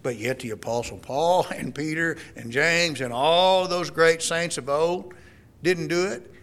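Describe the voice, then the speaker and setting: A man's voice: a little high, unhurried, fairly bright tone. A man preaching a sermon, explaining the text earnestly and often repeating himself as he works through a point.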